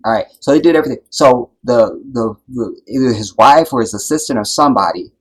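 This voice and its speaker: A man hosting a live stream, talking in an impassioned, preachy way that builds to loud, emphatic peaks and keeps checking that his listeners follow. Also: medium pitch, expressive, brisk, slightly rough, rough recording. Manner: preachy, builds to loud emphatic peaks, keeps asking "you see what I'm saying". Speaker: livestream host.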